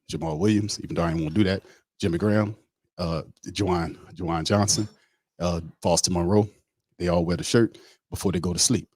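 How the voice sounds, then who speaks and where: A man's voice: sits low, husky, dry recording. A man impersonating a rambling, aimless male football coach who trails off into fillers.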